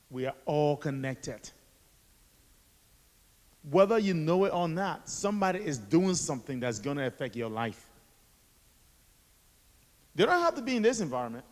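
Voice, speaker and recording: In an echoey hall, a guest speaker addresses a school assembly with a motivational account of his life, asking the audience rhetorical questions. He's a man in his forties from Liberia who works as an author and activist, and his voice is fairly high with a darkish tone.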